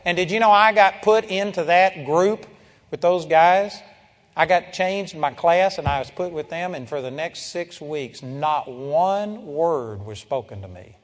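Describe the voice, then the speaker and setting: An older man preaching a sermon, telling stories in a lively way and now and then bursting into loud shouts of praise. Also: on the high side, a little slow. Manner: storytelling, animated, breaks into loud praise shouts. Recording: long hall reverb.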